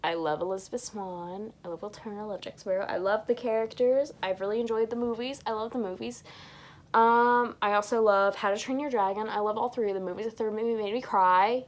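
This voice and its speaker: A young woman talks casually to her camera from home, chatty and a little rambling. She restarts her sentences often and gushes about the things she loves, at an ordinary mid pitch. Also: a little fast. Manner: chatty and rambling, with frequent restarts and gushing enthusiasm. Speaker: vlogger answering viewer questions. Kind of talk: casual chat. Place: home bedroom.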